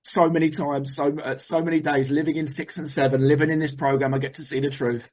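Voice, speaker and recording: Guy telling his recovery share, husky voice, kinda muffled lo-fi audio, gets animated. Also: fairly high pitch, brisk. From England. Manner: animated, swearing, storytelling with emotional emphasis. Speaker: recovery meeting speaker.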